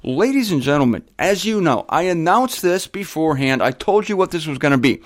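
A man's voice: a little high, lively intonation, a little fast, dry recording, studio quality. A man hosting a show, teaching the Bible in an emphatic, conversational way that wanders into side remarks and talks straight to his listeners. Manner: spells words out letter by letter.

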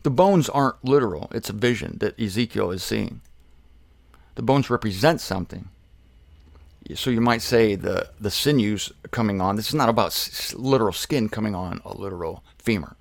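A man's voice: on the low side, normal speed, vocal fry, no echo. A man preaching a sermon, emphatic, posing rhetorical questions and answering them himself.

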